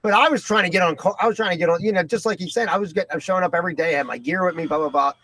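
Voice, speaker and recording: Excitable middle-aged man, dry close mic. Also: high voice, no room sound. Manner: excitable, talks fast in bursts and laughs often. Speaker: podcast host. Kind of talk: casual chat.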